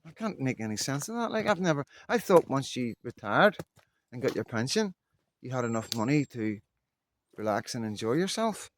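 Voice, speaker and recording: A man's voice: mid-range voice, sing-song, moderate pace, a little hiss or hum. A middle-aged man, rambling casually in an unscripted vlog and leaning on fillers. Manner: rambling, loose talk full of "you know what I mean" fillers. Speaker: vlogger.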